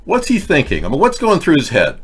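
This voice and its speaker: A man hosting a live online talk show, rambling through casual commentary with wry asides to his viewers in a fairly monotone voice. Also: fairly high pitch, a little fast, breathy edge. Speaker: host.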